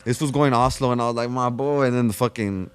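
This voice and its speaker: A man's voice: medium pitch, fast, clean tone, no room sound. A young man, a podcast guest telling a street story in casual, slangy, profane talk full of "fool" and restarts.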